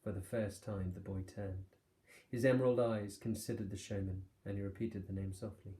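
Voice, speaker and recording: A male teacher reading a children's novel aloud with steady, expressive storytelling. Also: fairly low pitch, moderate pace. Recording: echoey room.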